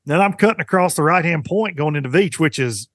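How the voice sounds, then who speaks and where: Male podcast host, animated storyteller, high voice, dry close sound. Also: fairly quick, no echo. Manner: animated storyteller, acts out quotes. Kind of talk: casual chat.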